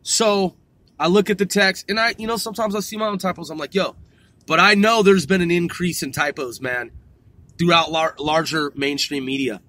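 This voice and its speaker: A man podcasting, ranting angrily with lots of swearing and sudden loud outbursts. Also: on the high side, moderate pace, no echo. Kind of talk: profane rant.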